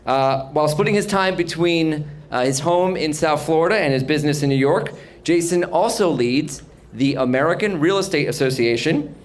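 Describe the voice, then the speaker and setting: A man moderating an event, introducing a guest formally in measured, hesitant phrasing. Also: a little high.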